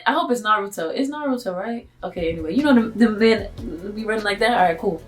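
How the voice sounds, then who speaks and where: A young woman from Miami, telling a vlog story in a casual, animated, slangy way and acting out her own asides. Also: a little high, fairly quick, soft background music. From Miami, Florida. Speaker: vlogger.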